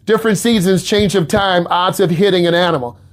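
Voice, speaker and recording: A man's voice: sits high, fairly quick. A man from the Midwest, a teacher giving a classroom lecture and pushing his students to work harder. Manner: animated, exhorting students, repetitive.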